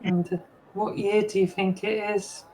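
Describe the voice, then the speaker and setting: A tabletop player speaking in character in a slow, measured, polite official way. The speech is unhurried, with a light hiss of background noise. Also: medium pitch, level tone, dark tone, low-quality recording.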